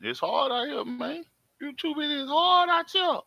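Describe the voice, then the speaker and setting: A man's voice: very high-pitched, animated, a little slow, vocal fry, no echo, muffled recording. A man hosting his own live stream, talking emphatically and repetitively in casual street talk to his viewers from home. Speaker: host.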